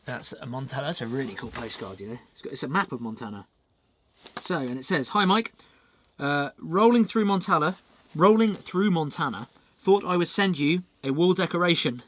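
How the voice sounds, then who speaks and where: A man's voice: a little high, expressive, moderate pace. A male channel host chatting casually as he reads out viewer mail and thanks the senders.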